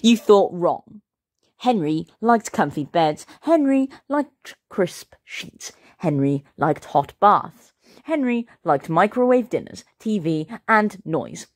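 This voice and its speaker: A woman reading a children's story aloud as a storyteller, expressive and playful. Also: lowish voice, takes it slowly.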